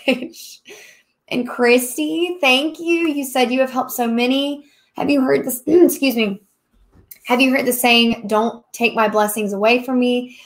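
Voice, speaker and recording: Chatty woman hosting a livestream. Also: high voice. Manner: chatty, laughs often, thanks viewers. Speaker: livestream host, craft seller. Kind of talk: casual live Q&A chat.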